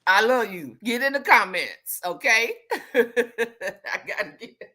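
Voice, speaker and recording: A woman hosts a live stream, speaking calmly and deliberately and repeating herself to drive her points home. Her voice runs somewhat high.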